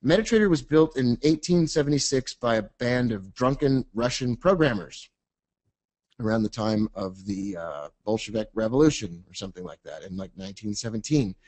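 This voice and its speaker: A man presenting a trading webinar, talking fast and casually with jokey, self-deprecating asides. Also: mid-range voice, animated, darkish tone.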